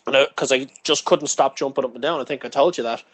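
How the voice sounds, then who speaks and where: A man's voice: medium pitch, quick pace, fairly bright tone, dry recording, low-quality recording. A man chatting casually, telling long sweary stories. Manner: sweary, storytelling rambles. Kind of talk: casual chat.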